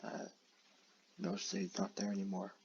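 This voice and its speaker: Low gravelly guy rambling thru a story with lots of ums, dull lo-fi sound. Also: sing-song, normal speed, a little mellow, a little hiss or hum. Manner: rambling, with many fillers and restarts. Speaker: creator retelling his own film idea. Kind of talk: casual spoken plot retelling. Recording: dull lo-fi recording.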